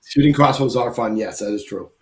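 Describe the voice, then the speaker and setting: Brief: casual male stream host, ex-grunt, rambling filler-heavy storyteller, mid pitch. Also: fairly quick, creaky. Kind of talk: casual chat.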